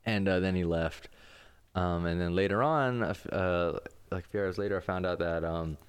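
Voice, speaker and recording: A man's voice: deep voice, moderate pace, clean tone. A young man co-hosting a casual podcast, telling rambling stories full of fillers and laughter. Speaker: podcast co-host. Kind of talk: casual chat, storytelling.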